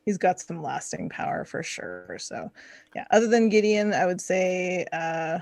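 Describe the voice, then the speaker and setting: A guest streamer from a gaming channel chats playfully on a live gaming stream, laughing often as she answers questions. Her voice is lowish and a little mellow, with big pitch swings and a measured pace.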